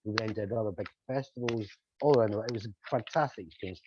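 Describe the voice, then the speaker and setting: An older man, a musician telling animated anecdotes as an interview guest. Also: on the low side, quick pace, slight background noise. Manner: animated anecdotes, acting out quoted voices. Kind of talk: storytelling in a podcast interview. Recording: slightly dull lo-fi audio.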